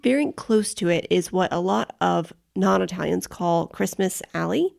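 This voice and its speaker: An American woman co-hosting a casual travel podcast, chatty and quick to laugh. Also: lowish voice, vocal fry, darkish tone. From United States. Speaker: podcast co-host.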